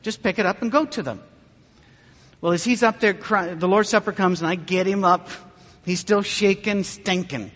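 A man with a high-pitched voice preaches in an earnest, conversational storytelling way, pausing as the story turns emotional. His voice trails off into the long reverb of a church sanctuary. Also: a bit bright. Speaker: pastor. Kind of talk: sermon storytelling.

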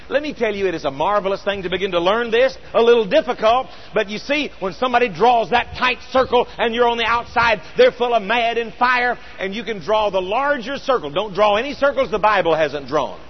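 A middle-aged man preaching a sermon, earnest and storytelling, slowing down with emphatic pauses. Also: high-pitched, animated, dull audio, slight background noise.

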